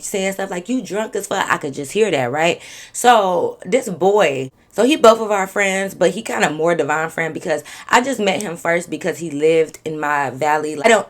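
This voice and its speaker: A young woman vlogger telling a storytime story in an animated, slangy way full of profanity. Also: low-pitched. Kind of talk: storytime vlog.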